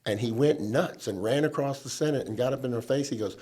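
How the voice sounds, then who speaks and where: A middle-aged man, a lobbying veteran telling lively stories as a podcast guest and acting out the people he quotes. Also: mid-range voice, brisk, hardly any pauses, slightly rough. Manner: animated storyteller who acts out quoted people. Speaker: government relations veteran, guest. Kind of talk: casual storytelling chat.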